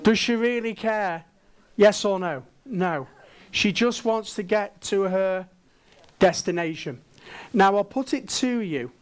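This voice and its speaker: A high-pitched man speaks slowly and deliberately from a conference stage. He keeps drawing the audience in with playful questions, unhurried and teasing. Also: clean tone. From England. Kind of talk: interactive keynote talk.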